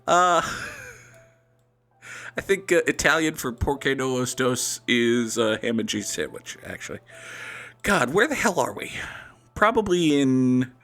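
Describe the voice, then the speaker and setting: A man's voice: mid-range voice, fairly bright tone. A man hosting a gaming channel, talking through a guessing game in a sarcastic, rambling, self-mocking way. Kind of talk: casual gameplay commentary.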